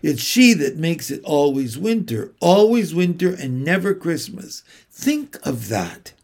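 Remorseful sobbing faun as a man reads him, storybook, gravelly, slow. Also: a little high, big pitch swings, a little mellow, full character voice. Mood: sorrowful. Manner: sobbing, sorrowful. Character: weeping remorseful male faun.

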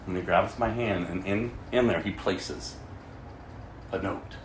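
A man preaching his testimony as a story, swinging between loud stretches and hushed ones. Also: sits low, a little slow. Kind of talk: sermon testimony. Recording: echoey room, mic far off, faint noise.

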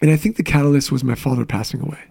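A man's voice: medium pitch, vocal fry, darkish tone, breathy edge. A man in his thirties, a business coach, telling candid personal stories in a casual interview chat. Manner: candid, storytelling, quick asides.

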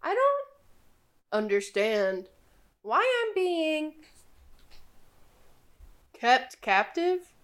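Lady doing a bird creature talking in jumbled stolen voices, squeaky high, pitch all over the place. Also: huge pitch swings, very slow, long pauses, fairly bright tone, full character voice. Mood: puzzled. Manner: voice jumps between mismatched pitches mid-sentence. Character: female bird creature speaking in mismatched borrowed voices.

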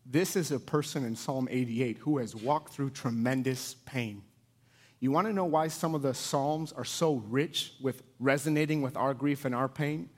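A man in his thirties preaching a sermon, telling stories with big loud bursts that drop to soft, low emphasis. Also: moderate pace. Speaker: pastor.

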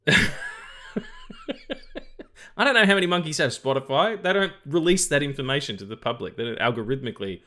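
A man with a fairly low voice talks through films on a podcast in loose, casual chat. He rambles, restarts his sentences often and swears freely, and he gets animated as he goes. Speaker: podcast co-host.

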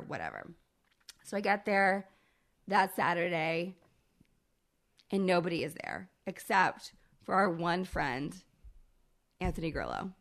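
A woman in her thirties, a podcast co-host, telling a long personal story in casual, profane, animated chat. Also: fairly low pitch, a little slow, creaky, long pauses.

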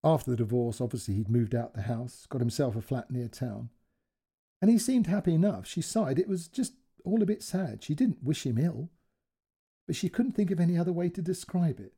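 Male storyteller, warm low timbre, breathy edge, reads fiction with feeling. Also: lively intonation, brisk. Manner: gentle, emotive reading that voices each character. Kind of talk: scripted narration.

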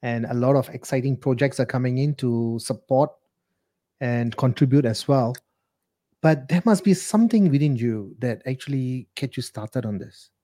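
A man's voice: mid-range voice, moderate pace, mellow. A man hosting an interview, asking long questions hesitantly with many ums. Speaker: podcast host.

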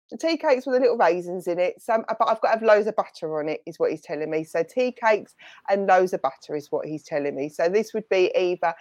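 A woman's voice: mid-range voice, darkish tone, no room sound. A middle-aged woman with a London and Essex accent giving a chatty, rambling mediumship reading and passing on messages from spirit. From southern England.

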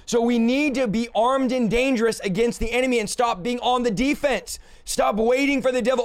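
Fervent high-voiced male host. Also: fairly even intonation, brisk, hardly any pauses. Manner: fervent, emphatic, repetitive declarations. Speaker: show host. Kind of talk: preaching-style talk show chat.

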